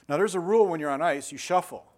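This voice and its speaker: An older man delivers a sermon in a somewhat raised pitch. He moves between scripture and loose personal anecdotes, often restarting his sentences and chuckling at himself. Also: vocal fry. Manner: conversational storytelling with frequent restarts and laughter. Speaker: pastor.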